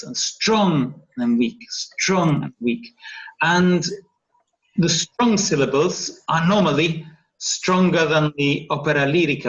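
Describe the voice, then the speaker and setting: Over a video call with dull, lo-fi audio, a man teaches phonetics as an English teacher. His fairly high, fairly bright voice stays patient, and he often tacks on a questioning "yeah?" to make sure students follow.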